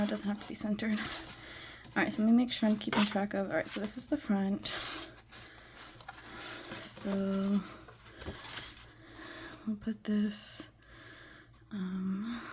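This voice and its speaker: A woman's voice: mid-range voice, a little mellow, slight background noise. A young woman chatting casually through a craft tutorial at home, rambling with many fillers, slightly out of breath, sometimes murmuring while she works. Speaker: craft vlogger.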